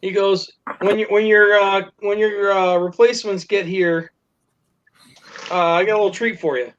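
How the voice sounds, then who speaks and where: A man's voice: high-pitched, steady tone, moderate pace, a bit bright. A man telling a story casually to friends, laughing, swearing and acting out the quotes. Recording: dull lo-fi recording with faint noise.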